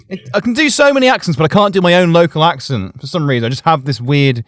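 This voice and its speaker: A man's voice: on the high side, quick pace, hardly any pauses, fairly bright tone, dry recording, clean studio sound. A man hosting a podcast in casual chat. He is playful and giggly and teases the others. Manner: playful and giggly, teasing, jumps between voices. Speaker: podcast host.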